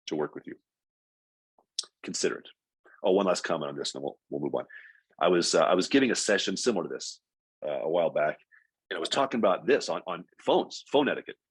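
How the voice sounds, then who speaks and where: Husky low-voiced man telling business stories. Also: no room sound. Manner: storytelling, acts out quoted callers. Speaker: speaker at a business session. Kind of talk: motivational business talk.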